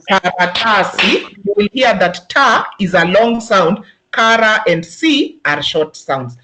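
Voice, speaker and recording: A Kenyan-accented voice leads a teachers' webinar at a mid pitch. The delivery is patient and explanatory. Words are sounded out slowly, syllable by syllable, to show their rhythm. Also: a bit bright. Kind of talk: instructional webinar talk.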